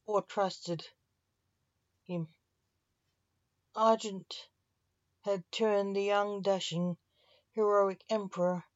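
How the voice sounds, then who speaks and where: A woman narrating a short story in a steady, measured reading voice, in a dull, dry, lo-fi recording. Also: mid-range voice, dry recording.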